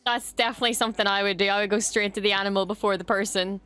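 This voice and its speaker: A woman hosting a reaction video, excitably commenting, gushing and swearing freely. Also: mid-range voice, racing, clean tone.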